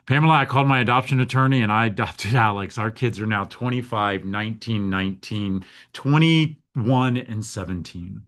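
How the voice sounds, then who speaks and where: A man's voice: medium pitch, normal speed, hardly any pauses, fairly bright tone. A middle-aged American man, a foster care advocate, telling his story in an interview with earnest, heartfelt feeling.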